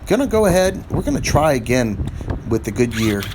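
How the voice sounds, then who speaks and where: A man's voice: medium pitch, very animated, moderate pace. A middle-aged man chatting his way through a DIY tire review, rambling and growing frustrated as he works on his car outdoors. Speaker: product reviewer. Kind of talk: casual DIY review vlog. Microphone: phone camera. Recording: noisy outdoor phone recording.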